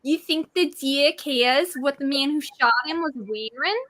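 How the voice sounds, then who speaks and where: A woman voicing a brassy, chatty woman with a New Jersey accent, in a drawn-out, exaggerated way. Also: sits high, fairly bright tone, a little hiss or hum. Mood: gushing.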